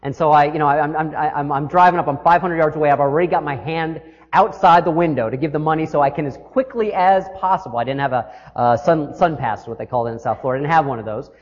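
Male minister, slightly high voice, storytelling sermon, echoey hall, dull lo-fi audio. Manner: storytelling, shifting between quick and slow.

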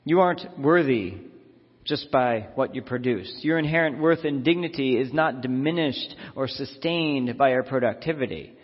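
Reflective preacher in an echoing sanctuary. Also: male voice, mid-range voice, moderate pace, slightly rough. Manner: reflective, repeats phrases for emphasis. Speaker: minister. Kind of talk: sermon. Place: church sanctuary. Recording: dull lo-fi audio in a reverberant sanctuary.

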